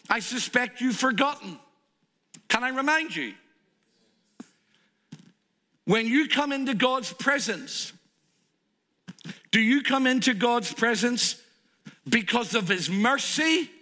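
A male preacher delivers a sermon in a bright, ringing voice that swings up and down with animated emphasis. He speaks in a church, and his voice carries a long reverb through the hall. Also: extremely high pitch, a little slow. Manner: animated, emphatic, plays out stories.

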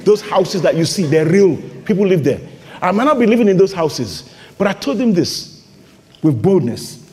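A man's voice: high-pitched, very animated, normal speed, darkish tone. A man with a Nigerian accent preaching a fervent sermon as pastor, repeating rhetorical questions to his congregation. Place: church hall. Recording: long reverb of a large hall.

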